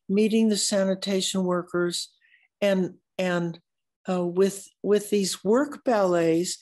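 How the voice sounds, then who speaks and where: An older American woman, an artist telling stories at a symposium, speaking in a halting, searching way with frequent restarts and occasional coughs. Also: mid-range voice, a little mellow. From United States. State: coughing at times. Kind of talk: unscripted conversation.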